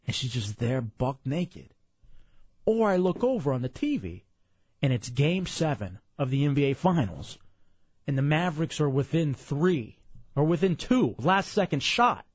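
A man's voice: on the high side, sing-song, normal speed, darkish tone, no echo. A tired young man from Dallas, hosting a casual chat show in a rambling, joking way. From Dallas, Texas. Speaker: podcast host. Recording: dull lo-fi, dry room.

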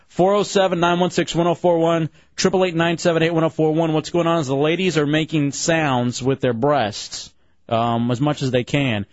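Guy hosting a call-in radio show, kinda high voice, laughing a lot, muffled audio. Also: no echo. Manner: laughing, teasing, quick back-and-forth. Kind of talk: casual call-in radio banter.

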